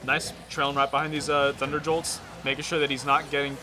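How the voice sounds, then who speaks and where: A man commentating a live fighting-game match, breaking down the players' options in quick play-by-play with jokes. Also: a little high, level tone, background noise. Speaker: esports commentator.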